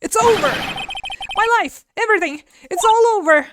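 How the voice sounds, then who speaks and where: A woman voicing a frantic, heartbroken young man who wails and shouts melodramatically. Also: extremely high pitch, expressive, moderate pace, noisy background, pitched above the performer's own voice. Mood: despairing.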